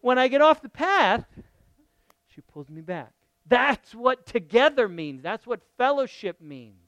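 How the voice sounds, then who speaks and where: A middle-aged man preaching a lively, conversational sermon, often asking his listeners questions. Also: very high-pitched, a little slow, no echo, muffled recording. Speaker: pastor.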